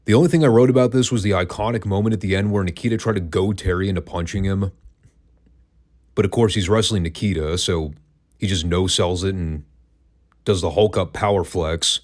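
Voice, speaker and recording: A man with a very low voice talks through a casual retro review. His delivery is dry and sarcastic. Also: steady tone, brisk. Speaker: wrestling podcast host.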